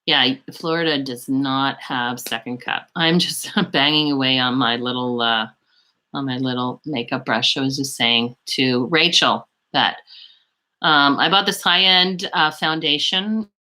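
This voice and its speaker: A woman's voice: very deep voice, unhurried, bright, forceful tone. A woman hosting a beauty live stream, chatting casually and answering viewers' chat messages in a rambling, friendly way. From Canada.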